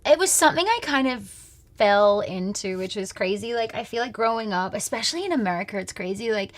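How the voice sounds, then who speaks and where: A woman's voice: mid-range voice, expressive, fairly quick. A young Australian woman with an Australian accent, a guest musician rambling in a casual interview chat with many fillers.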